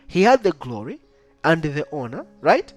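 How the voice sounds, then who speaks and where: A man teaching a Bible study lesson, reading verses aloud and keeping up a steady stream of rhetorical questions to his listeners. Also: fairly high pitch, normal speed, soft background music. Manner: keeps asking the listener rhetorical questions like "right?" and "what?"; reads scripture aloud in old-style wording.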